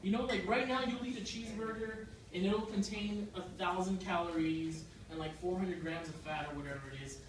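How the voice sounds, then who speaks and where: A young man with an American accent performing a stand-up set, telling his stories deadpan and breaking into sudden loud outbursts. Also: sits high, fairly quick, hardly any pauses. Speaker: stand-up comedian. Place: comedy club stage. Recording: echoey club room from far off, noisy. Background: audience laughter.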